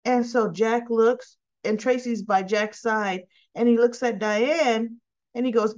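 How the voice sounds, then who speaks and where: A woman's voice: sits high, a little slow, highs cut off. Chatty woman recapping soap scenes. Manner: chatty and animated, acting out characters' lines. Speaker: soap opera recap host. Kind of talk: casual retelling of episode scenes.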